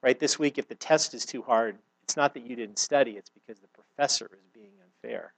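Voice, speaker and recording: A man's voice: mid-range voice, fairly quick, creaky, no room sound. Earnest middle-aged male preacher, dry sound. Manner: earnest, conversational preaching with everyday examples; repeats words when restarting. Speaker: pastor. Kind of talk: sermon.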